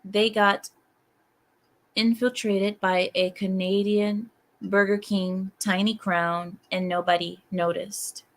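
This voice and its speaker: Slow and medium-pitched, with little pitch movement, a woman who lives in America reads comments aloud during her livestream. Exasperated, she replies with frequent sighs and rhetorical questions.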